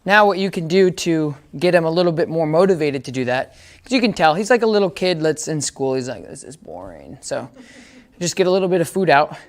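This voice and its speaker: A man's voice: a little high, quick pace. A man giving a casual dog training demonstration, explaining each step and often checking that listeners follow.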